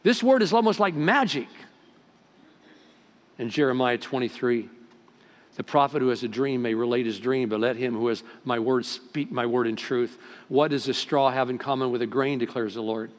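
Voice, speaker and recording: Man preaching in an echoing hall. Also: moderate pace. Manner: preaching with sudden rises in volume and pitch. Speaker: pastor. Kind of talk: sermon. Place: church sanctuary. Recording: long hall reverb.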